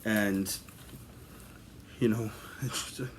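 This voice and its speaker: A man's voice: lowish voice, steady tone, extremely slow, slight background noise. A man casually telling a comic story on a podcast, rambling through lots of fillers and breaking into laughter. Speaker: podcast host.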